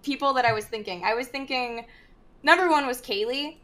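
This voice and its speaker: Bright-voiced chatty woman. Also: high voice, brisk. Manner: chatty, giggly, hedging. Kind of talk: casual stream discussion.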